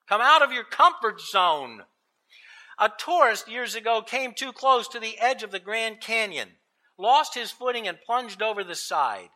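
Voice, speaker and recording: A man preaching a sermon with an exuberant, animated delivery and dramatic swings in voice. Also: high-pitched.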